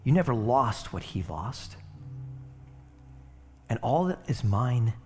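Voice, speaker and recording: A man's voice: medium pitch, very animated, slow, faint music behind. Conversational male preacher. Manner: conversational preaching with rhetorical asides. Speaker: pastor. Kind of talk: sermon.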